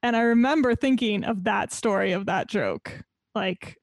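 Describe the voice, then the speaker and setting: A woman's voice: medium pitch, moderate pace, no echo. A young adult woman co-hosting a podcast, bantering and laughing easily in casual chat. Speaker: podcast co-host.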